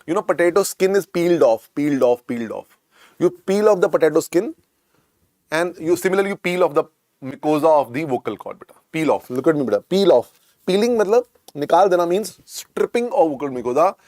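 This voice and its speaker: A middle-aged Indian-accented man teaches a medical exam class, repeating each point and coaxing his students. His voice sits a little high and swings widely in pitch. The recording is dry and close. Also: lively intonation, brisk, a little mellow, dry recording. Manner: repetitive, coaxing, calls students "beta". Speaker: medical lecturer. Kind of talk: exam coaching lecture.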